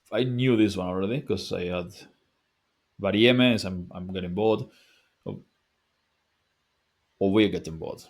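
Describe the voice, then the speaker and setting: A man in his thirties giving a casual screen-share tutorial on learning vocabulary, rambling and correcting himself with frequent fillers. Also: fairly low pitch. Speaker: language-learning YouTuber.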